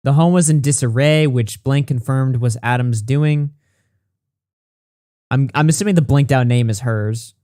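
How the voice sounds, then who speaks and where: Recorded at studio quality with no echo, a commentary channel host speaks in a mellow mid-range voice. He rattles through messages and reports aloud, reacting bluntly and swearing plenty.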